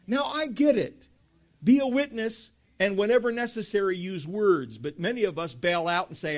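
A man's voice: sits high, lively intonation, moderate pace, muffled recording. A man preaching a sermon, asking rhetorical questions and building emphasis, calling his listeners folks. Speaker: pastor.

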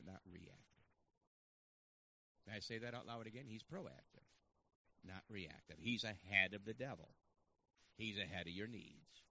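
A male preacher giving a sermon, moving from quiet, reflective talk to loud, emphatic passages. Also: fairly low pitch, vocal fry, highs cut off, slight background noise.

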